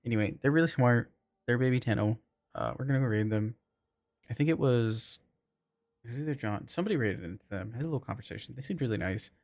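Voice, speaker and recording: A man's voice: mid-range voice, fast talker, gravelly, a little mellow, no room sound, studio quality. A man streaming a game, chatting loosely with his viewers and rambling with lots of fillers. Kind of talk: casual live-stream chat with viewers.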